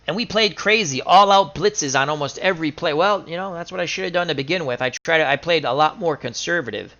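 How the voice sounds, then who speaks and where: A man narrates his simulated football game in a loose, chatty stream style, reeling off scores, player names and stats. His voice is bright and tense, a bit higher than most men's. The sound is dull and lo-fi. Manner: chatty, recaps stats in quick lists, laughs at his own losses. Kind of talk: casual stream commentary.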